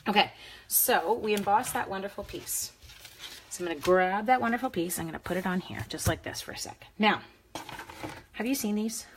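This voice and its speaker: A woman's voice: mid-range voice, normal speed, a little hiss or hum. A woman hosting a live card-making demo, chatting with viewers by name as she works. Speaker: crafting demonstrator.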